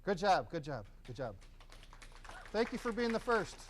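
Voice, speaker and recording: A man's voice: sits high, big pitch swings, moderate pace, a little hiss or hum. A man teaching a hands-on first aid class in a casual, encouraging, conversational way in a training room.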